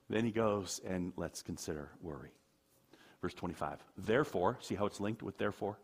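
A man preaching a sermon, animated, with laughing asides, acting out quoted voices. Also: deep voice, normal speed, slightly rough. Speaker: pastor.

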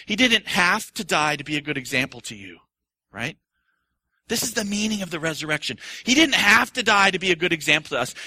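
With a slightly high voice and a brisk pace, recorded with no room sound, this middle-aged pastor preaches a sermon. He fills it with rhetorical questions and acted-out quotes, shifting between quiet musing and shouted excitement.

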